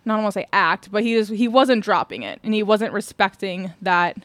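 A woman's voice: mid-range voice, brisk, fairly bright tone, dry recording. Chatty woman retelling a true crime. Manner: chatty, laughs often, swears casually. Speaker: podcast co-host. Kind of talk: casual true-crime chat.

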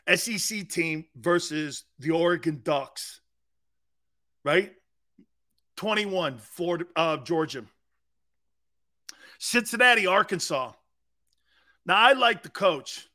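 A man's voice: sits high, animated, slow, long pauses, bright, forceful tone. A man hosting a sports talk show, brash and boisterous, laughing often as he riffs.

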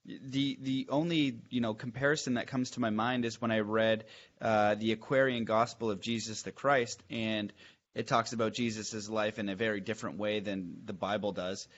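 A man's voice: lowish voice, fairly even intonation, moderate pace, muffled recording. A man hosting a podcast, talking in an enthusiastic, searching way and restarting his questions as he thinks aloud. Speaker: podcast host. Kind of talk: casual chat.

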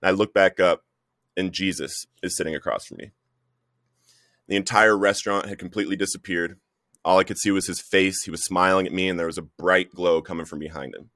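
A man's voice: deep voice, steady tone, fairly quick, a bit bright, no echo, studio quality. A man giving an earnest, emotional personal testimony in conversation, often calling the listener "bro". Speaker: guest sharing recovery story.

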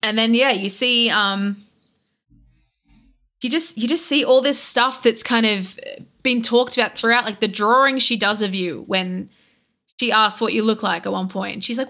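A young Australian woman talks through a game she loves in a casual podcast chat. Her voice is bright and sits a little high, and she keeps slipping into quick acted-out lines from the story, laughing between them. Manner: animated, laughing, acts out game characters' lines. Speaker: podcast guest.

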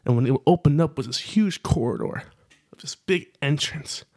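Gravelly man telling a rambling story. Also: a little high, animated, normal speed, no room sound. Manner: rambling, filler-heavy telling with repeated phrases. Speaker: podcast co-host. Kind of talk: casual storytelling.

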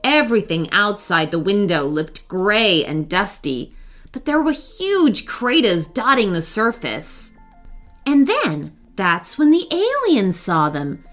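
A woman reading a children's bedtime story aloud, slow and expressive. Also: mid-range voice, faint music behind. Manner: slow, sing-song, expressive.

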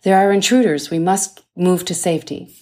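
A woman's voice: medium pitch, lively intonation, measured pace, mellow, pitched above the performer's own voice. A woman voicing a nurse speaking firmly and urgently in a crisis, in an audiobook. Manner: firm, urgent. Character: calm but urgent young female nurse.

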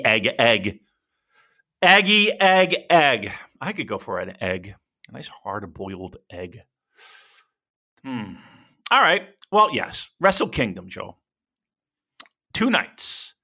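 A man co-hosting a casual podcast, rambling and swearing freely as he talks wrestling. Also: mid-range voice. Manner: profane, rambling, animated. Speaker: podcast co-host.

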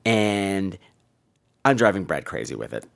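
A male podcast host talks straight to his listeners in a loose, animated monologue. He swears freely, and his pitch swings widely and playfully as he tells his story. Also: unhurried, vocal fry. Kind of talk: casual monologue.

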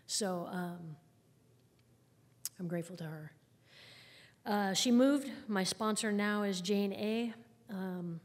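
A woman's voice: medium pitch, a little mellow. A woman telling her personal recovery story to a group at a meeting, candid and conversational, with wry humor. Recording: long hall reverb.

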